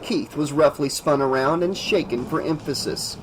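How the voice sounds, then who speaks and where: A man reading a horror audiobook aloud in a steady, measured storytelling manner. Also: on the high side, a little hiss or hum, low-quality recording. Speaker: audiobook narrator.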